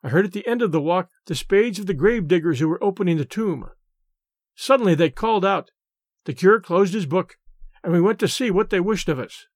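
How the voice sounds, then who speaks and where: A man reading classic stories aloud in a measured, dramatic narration. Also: high-pitched, expressive, no room sound, studio quality. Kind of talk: scripted story narration.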